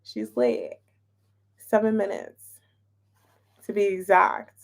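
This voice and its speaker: A woman's voice: mid-range voice, very animated, takes it slowly, vocal fry. A woman giving a casual, playful tarot reading, chatting openly and emotionally as she shuffles and pulls cards. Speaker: tarot reader.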